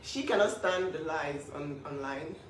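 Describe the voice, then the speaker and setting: A woman's voice: low-pitched, a little slow. Woman, indignant, emphatic, roomy echo, off-mic, faint background hiss. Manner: emphatic, indignant, restarts often. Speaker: older sister defending her sibling. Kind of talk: emotional vlog statement. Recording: echoey room, distant mic, faint noise.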